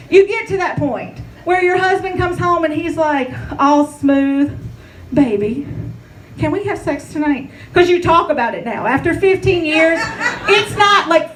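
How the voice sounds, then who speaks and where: A woman's voice: sits high, a little hiss or hum, low-quality recording. A woman in her thirties, performing a brash, profane stand-up comedy set with a chatty storytelling manner.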